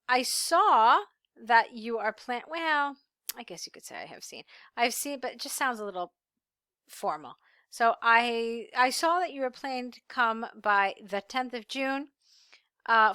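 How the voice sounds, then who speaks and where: Bright clear-voiced woman tutor. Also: on the high side, no room sound, studio quality. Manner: friendly, reads student text aloud and corrects it. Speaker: English tutor. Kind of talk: essay correction lesson.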